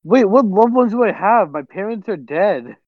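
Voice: medium pitch, lively intonation, normal speed, no room sound. A comedy podcast host voicing an awkward, hot-tempered cyborg man in improvised role-play, sweary and laughing. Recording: dull, dry, lo-fi.

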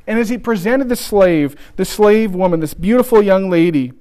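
A man preaching a sermon, telling a story with restarts and slowing down for emphasis. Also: high voice, warm tone.

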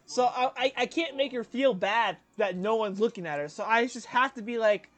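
A man's voice: very high voice, normal speed. Young guy on a podcast telling a story, laughs a lot, does people's voices. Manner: animated, acts out quoted voices, laughs often. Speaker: podcast co-host. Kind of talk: casual storytelling chat.

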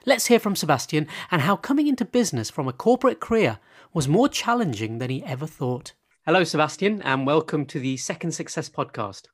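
A man hosts a podcast with an upbeat, fairly high voice. He reads the guest's introduction smoothly and then chats with the guest in a friendly way. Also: big pitch swings, brisk. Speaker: podcast host.

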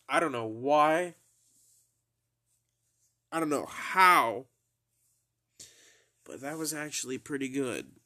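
A young man spins a loose, swearing-heavy anecdote for his podcast. His pitch sits in an ordinary middle range, and he wanders through side remarks and chuckles as he goes. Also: bright, forceful tone. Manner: rambling, profane, laughs through his own story. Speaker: podcast host. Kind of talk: casual storytelling.

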